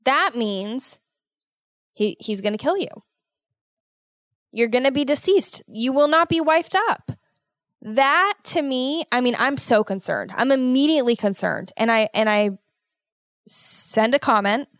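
A woman hosting a casual solo podcast, talking in an animated, worried, motherly way and exaggerating her fears. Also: high-pitched, a little slow, pauses often, dry recording, clean studio sound. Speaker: podcast host.

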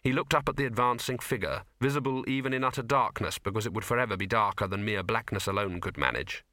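A man narrating a comic fantasy audiobook with dry, expressive storytelling. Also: on the low side, quick pace, no echo. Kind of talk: scripted narration.

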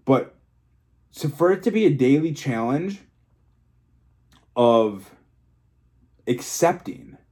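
A man's voice: medium pitch, expressive, takes it slowly, long pauses, a little mellow. A young man talking frankly and emotionally in a solo vlog, rambling, restarting and swearing freely as a fitness coach. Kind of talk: candid solo vlog monologue.

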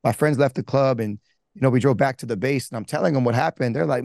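A pastor talks fast in a creaky, slightly mellow medium-pitched voice, rambling casually through a candid account of his life. Slang, fillers, and restarts pepper the testimony, and the studio-quality recording has no room sound.

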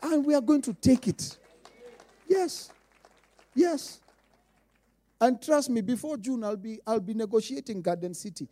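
Emphatic Kenyan pastor, high and mellow. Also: male voice, unhurried, pauses often. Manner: emphatic, swinging between quiet asides and loud declarations; repeats lines for emphasis. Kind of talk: sermon.

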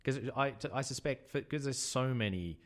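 A man's voice: medium pitch, moderate pace. A man from Australia, co-hosting a book podcast as a bookshop owner, talking casually and posing questions with many fillers. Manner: questioning, debating, hesitant with fillers. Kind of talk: casual chat.

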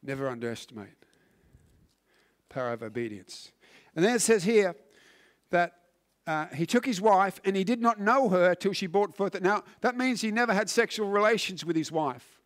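A man preaching a sermon, earnest and emphatic, often restarting words and swinging from loud to hushed. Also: high-pitched, lively intonation, moderate pace. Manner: frequent word restarts.

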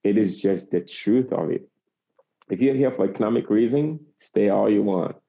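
Man, 40s, from Africa, very deep mellow voice, impassioned, slightly dull recording. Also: moderate pace, creaky. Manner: impassioned, repeats phrases for emphasis. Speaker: guest. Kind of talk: earnest interview talk.

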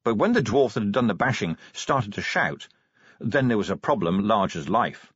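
A man narrating an audiobook in an animated, wry storytelling manner. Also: on the low side, normal speed, slightly rough, dry recording, dull audio. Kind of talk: scripted narration.

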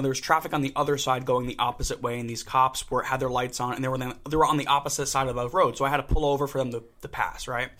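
A young man co-hosting a casual podcast, telling a driving story with lively acted-out quotes. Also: medium pitch. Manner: animated storyteller, acts out shouted quotes. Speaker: podcast co-host. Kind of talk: casual chat.

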